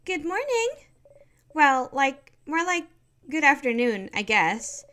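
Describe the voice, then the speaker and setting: Bubbly earnest game heroine, woman doing the voice, highish and swoopy. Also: very animated, takes it slowly, sharp tone, exaggerated voice. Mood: cheerful. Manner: bubbly, then anxious and apologetic. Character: cheerful earnest young female adventurer.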